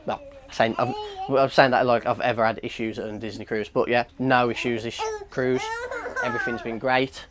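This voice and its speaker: A man talking casually to camera for a family travel vlog, relaxed and chatty. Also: medium pitch, normal speed. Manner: relaxed, chatty with frequent ums. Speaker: vlogger. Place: cruise ship and restaurant.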